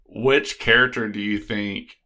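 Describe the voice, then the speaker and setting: A man co-hosting a casual podcast, relaxed and chuckling, trailing off with fillers now and then. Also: lowish voice, measured pace. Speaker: podcast co-host. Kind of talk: casual chat.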